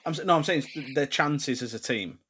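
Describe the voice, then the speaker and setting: A man's voice: medium pitch, a little fast, slightly rough. A young man, co-hosting a casual football chat and ranting with swearing when riled. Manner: animated, swears, rants loudly when riled. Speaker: podcast co-host. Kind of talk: casual banter.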